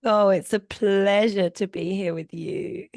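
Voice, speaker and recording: Slow-talking British woman guest. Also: mid-range voice, steady tone, no echo, studio quality. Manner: laughing easily, gentle and unhurried. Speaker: singer and voice coach, guest. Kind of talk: casual interview chat.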